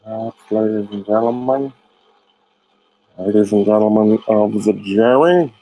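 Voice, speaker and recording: A man putting on a pompous male prosecutor addressing a jury in a slightly lower voice. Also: unhurried, warm tone, lightly acted, low-quality recording. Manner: pompous, orating.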